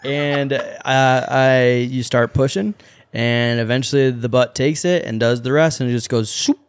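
A man's voice: mid-range voice, steady tone, measured pace, slight background noise. A young man co-hosting a podcast, telling a rambling childhood story in casual chat and laughing along. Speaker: podcast co-host.

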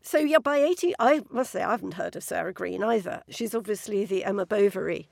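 A woman hosting a conversation, asking articulate, measured questions. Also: mid-range voice, lively intonation, gravelly, dry recording, clean studio sound. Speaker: host. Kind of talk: conversational interview.

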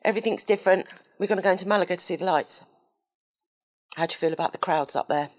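A woman's voice: fairly low pitch, fast talker. A middle-aged woman, co-hosting a casual podcast chat, teasing and laughing often. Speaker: podcast co-host.

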